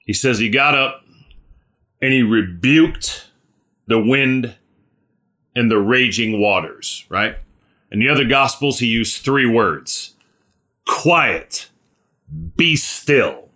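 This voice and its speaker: A male preacher delivers an informal sermon at an unhurried pace, in a bright, forceful voice. He keeps checking in with "right?" and speaks to listeners by name. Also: medium pitch. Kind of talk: conversational sermon.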